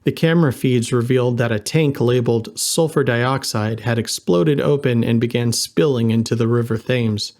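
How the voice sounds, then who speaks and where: A man reading an audiobook in a steady, measured narration. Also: medium pitch.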